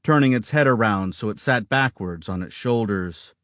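A man narrating an audiobook in a steady, dramatic storytelling manner, close to the microphone. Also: on the low side, normal speed, no echo.

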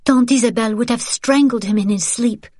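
A woman voicing a bitter, grieving girl of almost fourteen who speaks in a sharp, accusing, cynical way. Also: on the high side, brisk, dry recording, clean studio sound, pitched above the performer's own voice, close to an everyday voice.

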